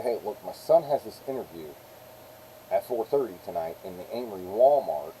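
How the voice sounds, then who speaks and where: A man's voice: on the low side, sing-song, fairly quick, mellow, slight background noise, low-quality recording. A middle-aged man, rambling through a casual story on a live stream and acting out the people he quotes.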